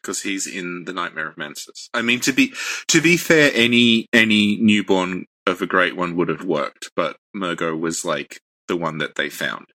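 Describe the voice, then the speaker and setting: A man co-hosting a casual game lore podcast, dry and deadpan. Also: sits low, moderate pace, few pauses. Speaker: podcast co-host.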